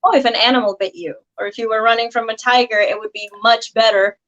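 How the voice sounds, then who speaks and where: A woman practitioner of hypnosis and NLP, explaining her ideas at a steady pace as a guest on a video call. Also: fairly high pitch, lo-fi sound. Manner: steady, explaining, slows to spell things out. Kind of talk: explanatory interview talk.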